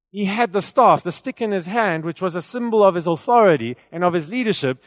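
A man preaching a sermon in an energetic, conversational way, often restarting with fillers. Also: high-pitched, brisk, hardly any pauses, dry recording, big-room sound. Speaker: pastor.

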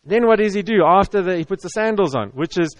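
A man with a high voice preaches a sermon in a loose, chatty way. He repeats himself and stumbles over restarts. The sound is close and dry. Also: lively intonation, fast, dry recording. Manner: conversational, repetitive, with stammered restarts. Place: church hall with audience.

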